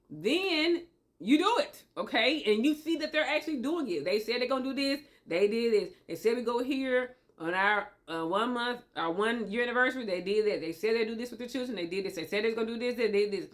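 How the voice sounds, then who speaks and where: Woman, relationship advice monologue, emphatic, repetitive, slightly high voice. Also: lively intonation, fairly quick. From Tennessee. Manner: emphatic and repetitive, asks okay often. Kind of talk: motivational monologue to camera.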